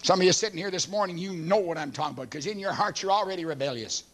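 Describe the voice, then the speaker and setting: High-voiced older man preaching emphatically. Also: racing. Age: 70s. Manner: emphatic, forceful preaching with frequent throat clearing. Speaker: pastor. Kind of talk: sermon.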